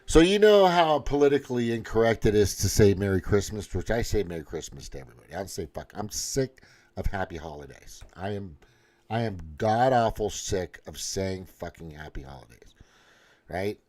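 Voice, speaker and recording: A man's voice: fairly low pitch, expressive, moderate pace, darkish tone. A middle-aged man ranting in casual commentary, sarcastic and swearing constantly. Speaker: commentary host.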